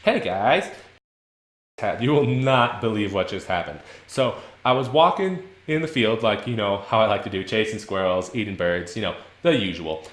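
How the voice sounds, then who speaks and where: A man voicing an excitable male critter who tells his story in an excited rush. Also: fairly low pitch, moderate pace, roomy sound, natural voice.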